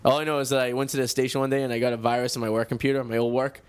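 A man's voice: medium pitch, level tone, rapid-fire, clear, resonant tone. A man co-hosting a radio show, telling stories in profane, casual banter. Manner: profane, laughing, storytelling.

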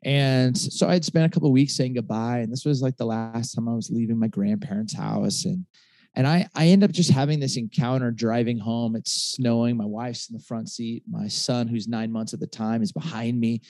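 A man's voice: mid-range voice, normal speed, a little mellow, dry recording. A man in his forties, a pastor and author, telling a personal story in a conversational interview, with many restarts and fillers. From Michigan.

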